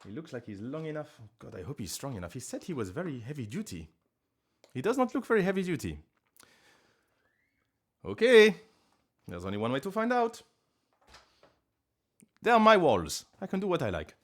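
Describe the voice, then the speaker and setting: The streamer and voice actor talks fast here, in a medium-pitched, sing-song voice. He's indoors at home on a live stream, rambling playfully in English with a put-on French accent and teasing himself.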